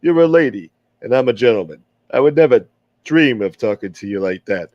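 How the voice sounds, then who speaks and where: A man putting on a gruff old-school mobster who keeps calling himself a gentleman, menacing yet mock courteous. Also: medium pitch, animated, brisk, no room sound, dull audio, natural voice.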